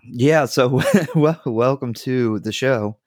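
A man's voice: mid-range voice, slow, dry recording. A man hosting a podcast in casual, jokey chat, speaking close into a podcast microphone. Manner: laid-back, jokey, prone to giggling. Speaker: podcast host. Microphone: studio podcast mic.

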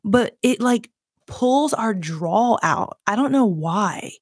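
A woman in her twenties from Virginia, with a light Southern accent, chats on her own podcast in a casual solo talk. Her mid-range voice is husky and animated, and she speaks slowly, rambling and self-mocking with many fillers, in clean studio audio without echo.

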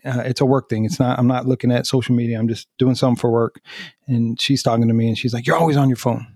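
A husky man in his fifties speaking close and dry, with no room around him. He tells stories about his own life candidly, pokes fun at himself and laughs along the way. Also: mid-range voice, flat delivery, fast talker, a little mellow, no echo. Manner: earnest, self-deprecating, laughs through stories. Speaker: podcast co-host. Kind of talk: candid personal storytelling.

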